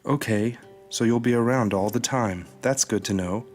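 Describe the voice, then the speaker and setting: A man's voice: mid-range voice, moderate pace, a little mellow, soft background music, natural voice. A man voicing a small, anxious young soul in a storybook reading, with an earnest, questioning manner.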